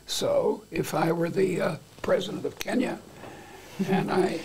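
A man's voice: sits high, normal speed, slightly rough. An older man as an interview guest, talking in a rambling, playful way with many restarts. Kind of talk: conversational interview.

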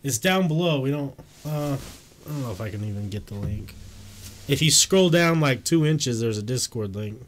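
A man's voice: mid-range voice, lively intonation, moderate pace. A young man co-hosting a casual stream chat, playful and teasing, with slangy talk. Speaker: co-host.

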